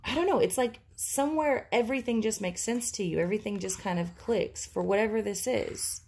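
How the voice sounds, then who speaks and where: Husky woman doing a tarot reading. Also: medium pitch, brisk, a little mellow. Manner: casual, thinking aloud with many fillers. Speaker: tarot reader.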